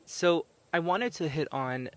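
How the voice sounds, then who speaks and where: A man hosts a relaxed solo podcast from outdoors. His talk is chatty and meandering, full of self-corrections, and he speaks into a handheld microphone. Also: a little high, measured pace. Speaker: podcast host, psychic medium. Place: outdoors in a cemetery. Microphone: handheld microphone recorded to a tablet.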